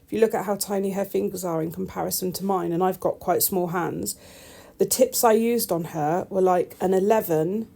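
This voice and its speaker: A woman's voice: on the low side, steady tone, moderate pace, vocal fry, warm tone. A woman, a nail technician, chatting casually over her tutorial with wry, self-deprecating asides.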